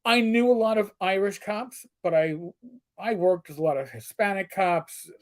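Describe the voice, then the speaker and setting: A middle-aged man co-hosting casual chat tells crude, humorous stories, slipping into put-on voices at times. He has a high voice and talks at normal speed.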